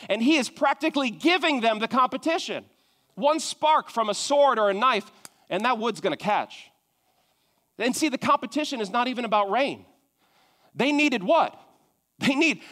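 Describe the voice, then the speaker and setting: A high-voiced man preaching to his congregation. He retells scripture in a loose, conversational way, sinks to near-hushed asides and then climbs back to emphatic, driving calls. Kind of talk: sermon.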